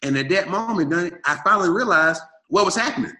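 A man in his thirties from Arkansas, telling his life story in an energetic, emphatic way and acting out what he and others said. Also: high-pitched, fast, echoey room. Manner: energetic, repetitive and emphatic, quotes himself and others. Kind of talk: animated storytelling.

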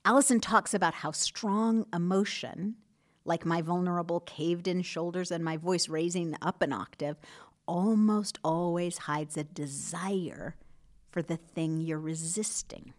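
A woman hosting a podcast, giving scripted relationship advice in an earnest, expressive way with soft asides. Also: fairly low pitch, measured pace. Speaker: podcast host.

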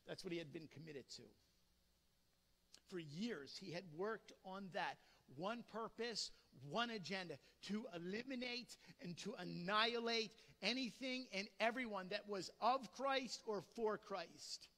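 A man preaching a sermon dramatically, asking rhetorical questions and swinging between loud and hushed delivery. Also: high-pitched, unhurried, in a large hall.

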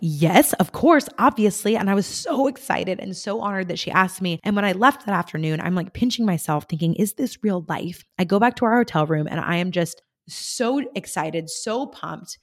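A young woman tells personal stories on her podcast in a casual, gushing monologue. She acts out her own quoted thoughts with lively swings in her voice. Her pitch sits a little low for a woman. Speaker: podcast host.

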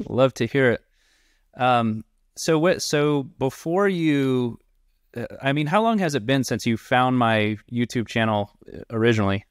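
Smooth-voiced male interview host. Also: mid-range voice, measured pace, no echo, studio quality. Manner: relaxed, loose questions with restarts. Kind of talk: casual interview chat.

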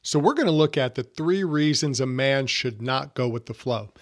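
A man's voice: medium pitch, expressive, moderate pace. A middle-aged man giving a plain-spoken, earnest teaching talk to men. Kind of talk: scripted teaching monologue.

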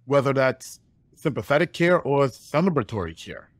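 A man's voice: mid-range voice, big pitch swings, normal speed, no echo. A man hosting a casual interview, who agrees often and reflects back on what the guest says. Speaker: host.

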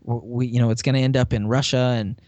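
A man's voice: medium pitch, flat delivery, fast talker, darkish tone, no echo. A man co-hosting a podcast, chatty and full of "you know", retelling a TV episode with laughs. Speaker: podcast co-host. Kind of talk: casual chat recapping a TV episode.

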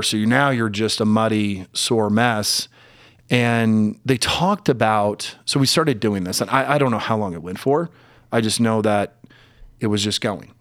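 A middle-aged man telling a personal story in conversation, candid and halting, at times close to tears. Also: medium pitch, dry recording. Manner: candid, halting, gets emotional. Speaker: podcast guest.

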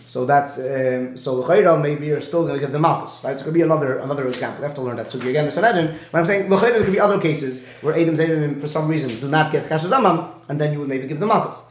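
A man teaching a Talmud lesson, explaining Rashi and checking in with his student with a quick "right?". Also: fairly high pitch. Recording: echoey room.

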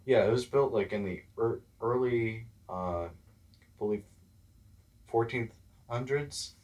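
A young man from Texas chatting as an interview guest, telling animated stories and acting out the voices of people he quotes. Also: mid-range voice, a little slow. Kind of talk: casual interview chat.

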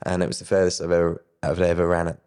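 Deep-voiced young man telling a story. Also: fast, smooth, in a large hall. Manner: lively retelling with quoted dialogue and chuckles. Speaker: guest sharing his faith testimony. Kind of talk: casual personal storytelling.

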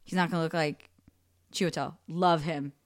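A woman's voice: sits low, fairly even intonation. A young adult woman co-hosting a podcast, talking casually with strong, emphatic opinions. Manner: opinionated, emphatic, quick asides. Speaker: podcast co-host. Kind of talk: casual chat.

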